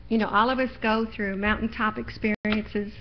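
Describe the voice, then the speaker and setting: A woman's voice: medium pitch, level tone, normal speed, slight background noise. A middle-aged woman preaching a sermon in a church, folksy and personal, sharing her own testimony and pressing points with rising force. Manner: folksy, personal testimony, building to louder emphasis. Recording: lo-fi live stream audio.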